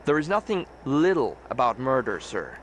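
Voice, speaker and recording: A man's voice: mid-range voice, very animated, moderate pace, slight background noise, lightly acted. A man voicing a stiff, formal, earnest male federal agent in a video game. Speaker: game character.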